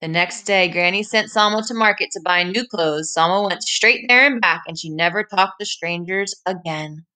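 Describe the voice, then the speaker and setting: A woman teacher reading a story aloud and pausing to explain it to her class, often checking in with "right?". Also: fairly low pitch, sharp tone.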